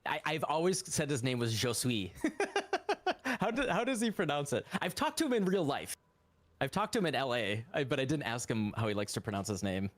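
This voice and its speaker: A guest developer of a game tool chats casually on a live stream about what he's building, rambling and laughing a lot. His medium-pitched voice is very animated and quick.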